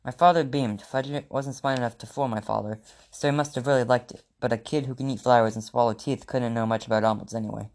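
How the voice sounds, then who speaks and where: A man's voice: medium pitch, fairly even intonation, fast talker, a little mellow. A man reading a children's book aloud to his class as a teacher, in a plain manner with small restarts.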